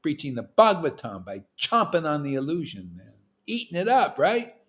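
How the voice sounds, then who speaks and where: A man's voice: wildly swooping pitch, normal speed. Emphatic slangy man preaching informally. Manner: emphatic and slangy, with swings in loudness and pitch; teasing, playful jokes between serious points. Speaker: spiritual teacher leading a devotee gathering. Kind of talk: informal preaching to a small group.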